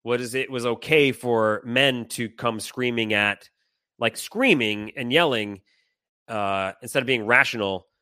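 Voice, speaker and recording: Man, middle-aged, podcast co-host, animated storyteller, swears, bright tense voice, dry sound. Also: medium pitch, a little slow, clean tone, no echo. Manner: animated, swearing, acts out quoted people. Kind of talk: casual storytelling chat.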